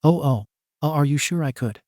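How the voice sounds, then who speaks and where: A nervous teenage boy who stammers and brushes off praise, in a soft, dark voice as a man reads his lines. The sound is dry and close. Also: fairly high pitch, moderate pace, no echo, natural voice. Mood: unsure. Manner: stammering and shy. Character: nervous, self-doubting teenage boy student.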